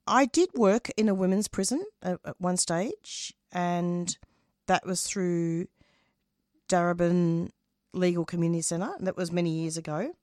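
A middle-aged woman who hosts a radio show is the guest in a conversational interview, speaking passionately in a low, slightly mellow voice, halting and often restarting her sentences. The recording is dry and close, with no room sound or echo.

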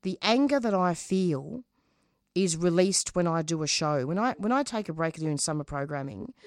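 Speaking as an interview guest, a middle-aged woman who works as a radio host uses a lowish, expressive voice in a conversational exchange. Her delivery is passionate but halting, full of broken-off and restarted sentences, in a dry, studio-quality recording.

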